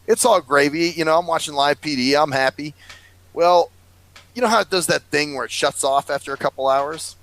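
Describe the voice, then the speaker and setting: A man's voice: on the high side, a little fast, a bit bright, rough recording. A man rambling through a long story in casual chat, swearing freely and laughing often. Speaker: podcast co-host.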